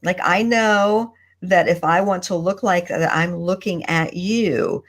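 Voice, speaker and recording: Woman with deliberate pauses. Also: on the low side. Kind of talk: casual panel chat. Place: home desk. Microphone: video call.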